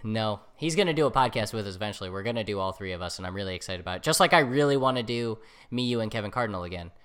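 Animated young woman, casual swearing. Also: extremely low pitch, rapid-fire, smooth. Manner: animated, swears freely, acts out quotes. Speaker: podcast co-host. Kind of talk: casual chat.

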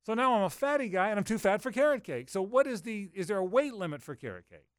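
A man's voice: high voice, sing-song, fast, dry recording, clean studio sound. A middle-aged man hosting a sports radio show, telling a rambling, self-mocking story with lots of restarts and laughter. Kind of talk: casual radio banter.

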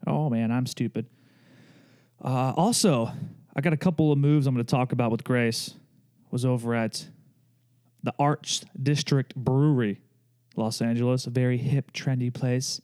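A man's voice: mid-range voice, steady tone, moderate pace, dark tone, clear, resonant tone. A young man hosting a podcast, chatting loosely and joking, with many fillers and tangents. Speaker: podcast host. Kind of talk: casual chat.

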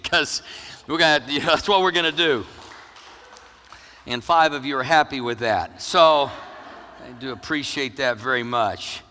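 A middle-aged male pastor preaching with jokes, swinging between loud emphasis and hushed near-whispers. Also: medium pitch, unhurried, long pauses, in a large hall. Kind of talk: sermon.

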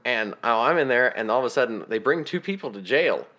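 Casting: male co-host with a lively, swooping voice, jokey banter. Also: mid-range voice, a little fast. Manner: laughing, joking banter. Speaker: podcast co-host. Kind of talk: casual chat.

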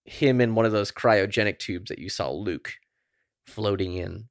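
Low-voiced man in laid-back podcast chat. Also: normal speed, no room sound, studio quality. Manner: rambling, filler-heavy, laid-back. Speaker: podcast co-host. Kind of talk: casual chat.

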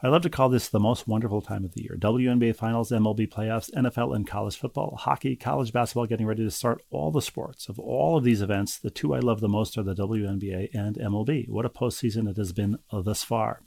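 Wry gravelly man reading mail. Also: fairly low pitch, darkish tone, no echo. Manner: wry, teasing, halting with restarts. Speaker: podcast co-host. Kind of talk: casual chat, reading listener mail.

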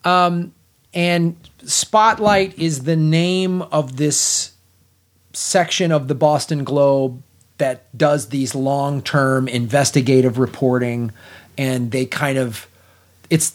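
This middle-aged podcast co-host talks slowly in a slightly high voice, casually reviewing a film. Blunt and animated, he swears freely and keeps restarting his sentences.

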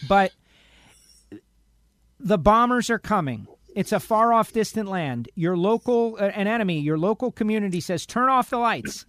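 Emotional guy ranting on talk radio, kinda high voice, rambling and emphatic, dry close mic. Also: expressive, normal speed, fairly bright tone, dry recording. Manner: emphatic, rambling, acts out other people's lines. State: emotional, upset by bad news. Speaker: radio talk show guest. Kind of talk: impassioned opinion rant.

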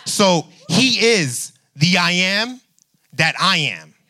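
Bright-voiced man preaching. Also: sits high, sing-song, takes it slowly. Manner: emphatic, repeats key lines. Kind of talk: sermon.

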